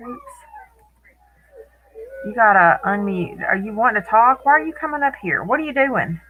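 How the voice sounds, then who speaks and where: A woman's voice: fairly high pitch, animated, moderate pace, narrow, tinny audio. A woman hosting a casual live stream from home, chatting with viewers by name and laughing often.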